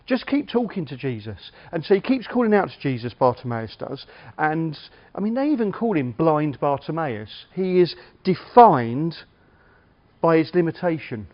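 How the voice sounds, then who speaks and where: A man's voice: on the high side, sing-song, moderate pace, lo-fi sound. A middle-aged man with an English accent, a minister giving a short, chatty sermon with humorous stories. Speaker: lead minister.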